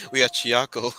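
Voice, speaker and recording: A man hosting a casual chat, excitable and laughing often, with casual swearing. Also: mid-range voice. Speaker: host.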